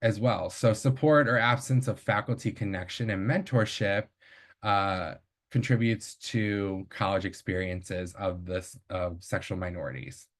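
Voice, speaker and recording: A man presenting research at an academic showcase, speaking in a measured way with frequent fillers and small self-corrections. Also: on the low side.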